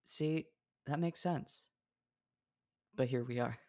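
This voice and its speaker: A male podcast host from Oregon keeps the talk loose and chatty, telling little stories with hesitant restarts. His voice has an everyday middle pitch. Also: slow, warm tone. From Oregon, USA. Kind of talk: casual chat.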